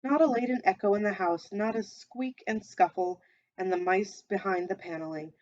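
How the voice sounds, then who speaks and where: A woman reading a classic novel aloud in an even, measured storytelling manner, stopping now and then to comment. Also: mid-range voice, highs cut off. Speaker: reader.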